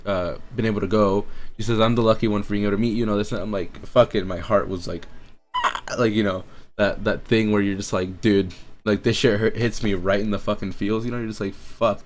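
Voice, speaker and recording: A young man telling a long personal story to his viewers, rambling, excitable and swearing a lot. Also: fairly low pitch. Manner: excitable, rambling and heavily profane. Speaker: streamer and YouTuber. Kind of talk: casual storytelling to camera.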